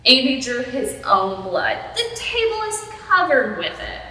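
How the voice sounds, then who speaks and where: Storybook figure: a woman voicing a chirpy, literal-minded young housekeeper, crisp and sing-song, in an echoey hall from far off. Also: high voice, very animated, measured pace, bright, forceful tone, voice pushed up, heavily acted.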